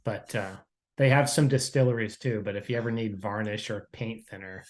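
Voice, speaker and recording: A man's voice: lowish voice, normal speed. A man in a casual chat, talking in an offhand, joking and slightly crude way.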